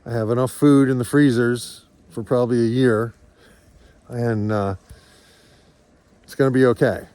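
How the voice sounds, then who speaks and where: Man, mid-pitched, farm vlogger; candid, meandering, sincere storytelling to camera. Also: fairly even intonation, a little slow, pauses often, dark tone, no echo. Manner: rambling, earnest, reflective. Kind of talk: candid personal vlog.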